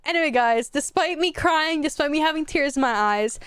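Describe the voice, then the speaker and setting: Young woman gamer, high voice, dry close mic, chatty and emotional with her viewers. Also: lively intonation, a little fast, a bit bright, dry recording. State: tearful, near crying. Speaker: gaming YouTuber. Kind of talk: casual gameplay commentary.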